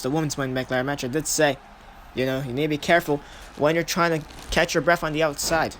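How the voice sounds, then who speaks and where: Young male game commentator, high bright voice, hyped wrestling calls, faint hiss behind. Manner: hyped, shouts at big moments, repeats himself. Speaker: play-by-play commentator of a video game.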